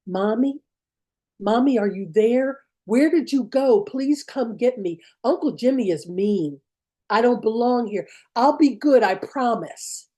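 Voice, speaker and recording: A woman voicing her five-year-old self, a frightened little girl pleading for her mother in a hushed, small voice during a told story. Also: fairly high pitch, expressive, measured pace, pitched above the performer's own voice.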